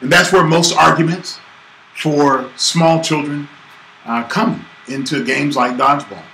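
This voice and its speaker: Lively Georgia man telling a story. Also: a little high, measured pace, slight background noise. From Georgia, USA. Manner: animated, acts out voices in stories. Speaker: business coach host. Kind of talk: casual teaching talk with storytelling. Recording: echoey room with faint ambience.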